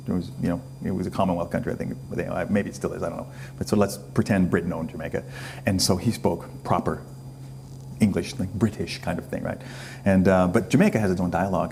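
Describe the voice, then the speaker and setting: A man's voice: low-pitched, creaky, dark tone, slight background noise. A man talking as a guest on a talk show, joking and chatty, with many "uh"s. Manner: joking, talkative, says "uh" a lot. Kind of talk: casual chat.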